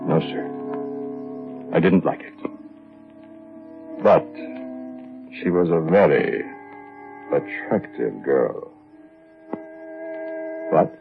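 A fussy, courteous shopkeeper who narrates his tale straight to the listener. His voice is very deep and gravelly, and it rises and falls a lot. It comes through like a tinny old radio set, with music behind it. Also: expressive, extremely slow, pauses often, heavily acted. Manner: fussy, polite, chatty with the listener. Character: fussy, kindly middle-aged shopkeeper telling his story. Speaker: narrator and shop owner. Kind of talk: 1940s radio acting.

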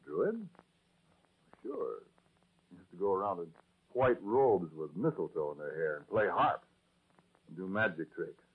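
An actor with an American accent playing a young soldier turned ex-convict, narrating and talking in a 1940s radio drama. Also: male voice, low voice, sing-song, unhurried, long pauses, slightly rough, exaggerated voice. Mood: skeptical. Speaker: narrator and lead character. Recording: tinny old radio broadcast recording.

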